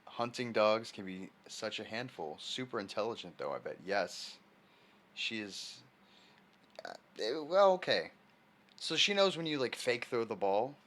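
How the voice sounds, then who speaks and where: A man's voice: lowish voice, very animated, unhurried, fairly bright tone. A man chatting casually on a live stream in a rambling way, answering viewer messages from his desk at home.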